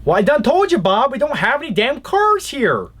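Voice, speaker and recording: A man does a full character voice of a flustered small-town Midwestern man with an exasperated drawl, pitched above his own natural voice. The result is very high and a bit bright, with wildly swooping pitch at normal speed.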